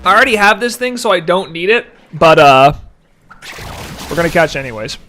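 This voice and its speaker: A man's voice: sits high, animated, brisk, bright, forceful tone, slight background noise. A man in his twenties streaming a game live, chatting casually, giggling and answering chat aloud. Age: 20s. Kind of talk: casual gameplay commentary.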